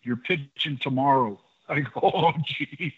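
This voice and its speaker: An older man and former pitcher, a guest in an interview, telling anecdotes in a lively way and acting out the dialogue. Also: a little slow, slight background noise. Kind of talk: storytelling in a casual interview. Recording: dull lo-fi audio.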